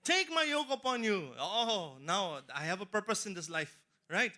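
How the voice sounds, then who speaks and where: A man's voice: sits high, animated, moderate pace, sharp tone. A middle-aged man preaching a sermon as earnest personal testimony, stressing key phrases and speaking directly to his listeners. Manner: earnest testimony, rising emphasis and repeated asides to listeners.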